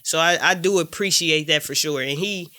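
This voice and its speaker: A man with a fairly high, bright voice tells stories in an easygoing, slang-filled way. His tone is clean and crisp. He sounds like a relaxed podcast guest describing his own work. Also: normal speed. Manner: laid-back slangy storytelling. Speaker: guest clothing designer. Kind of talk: casual podcast chat.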